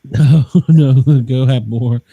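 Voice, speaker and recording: A man's voice: mid-range voice, slow, mellow, no echo, muffled recording. A man hosting a casual podcast chat, teasing the others and laughing often. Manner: giggly teasing, laughs a lot.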